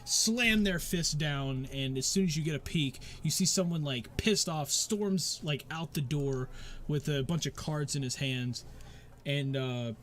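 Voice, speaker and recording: A man running a tabletop game, describing scenes in a loose, halting way with plenty of fillers. His voice sits a bit high, with a faint hiss of background noise. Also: fairly bright tone. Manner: rambling, many fillers and restarts. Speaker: game master.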